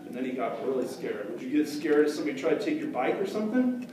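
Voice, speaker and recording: A man's voice: medium pitch, big pitch swings, quick pace. A man telling a story live to a crowd of kids, chatty and asking them questions. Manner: chatty, asks the audience questions. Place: storytelling festival hall. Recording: echoey hall from far off, noisy.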